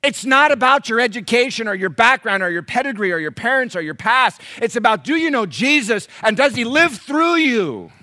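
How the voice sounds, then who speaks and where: A man's voice: very high voice, big pitch swings, normal speed, few pauses, sharp tone. A male pastor preaching a sermon to his congregation, mixing rhetorical questions with humorous personal stories. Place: church before a congregation.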